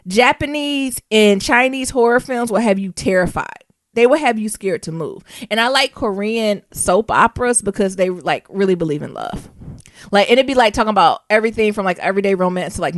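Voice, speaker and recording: An American woman co-hosts a casual podcast chat, animated and full of slang, often breaking into laughter and spelling words out letter by letter. Her voice sits at a middling pitch and sounds dry and close. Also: no echo. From United States. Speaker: podcast co-host.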